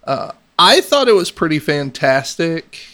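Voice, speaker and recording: A man's voice: on the high side, sing-song, measured pace, fairly bright tone. A man chatting casually on a podcast, hesitant with many fillers but enthusiastic. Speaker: podcast co-host. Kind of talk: casual chat.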